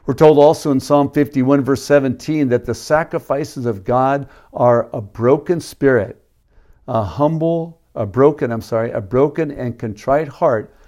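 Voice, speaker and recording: A man's voice: medium pitch, a little slow, a little mellow. A man preaching a sermon, reading scripture aloud and explaining it with casual asides. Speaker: pastor.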